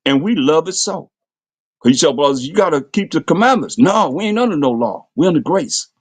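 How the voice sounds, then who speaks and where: A man's voice: animated, a little fast, slightly rough, no echo. Fiery preacher man with a dry sound. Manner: impassioned, rhetorical questions, voice jumps high when mocking. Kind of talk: fiery street-style scripture sermon.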